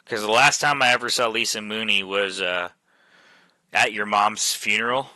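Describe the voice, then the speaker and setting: A man's voice: lowish voice, normal speed, pushed and bright, no echo. A man telling a long story to friends over voice chat, loose and profane, with a lot of "like" fillers, speaking into a headset mic. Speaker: host chatting with friends on voice chat.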